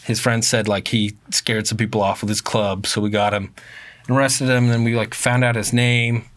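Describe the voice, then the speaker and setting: A man's voice: lowish voice, normal speed. A man telling a long story in casual chat, loose and profane, and livelier when he acts out other people's lines. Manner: casual, swearing, animated when quoting others.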